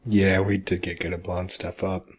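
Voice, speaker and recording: A man's voice: sits low, flat delivery, normal speed, breathy edge. Joking young man on a gaming podcast. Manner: laughs often, joking. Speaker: podcast co-host. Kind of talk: casual gaming podcast chat.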